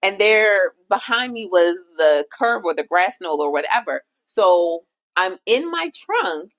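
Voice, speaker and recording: A woman co-host from the United States tells a story in a casual podcast chat. Her pitch swings up and down as she acts out each person's lines. She keeps a chatty, animated delivery throughout. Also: a little slow.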